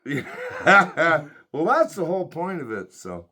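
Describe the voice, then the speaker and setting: A man's voice: on the high side, big pitch swings, slow pace, pushed and bright. A man hosting a casual podcast, a little tipsy from beer, rambling and swearing a lot. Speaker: podcast host. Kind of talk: casual chat.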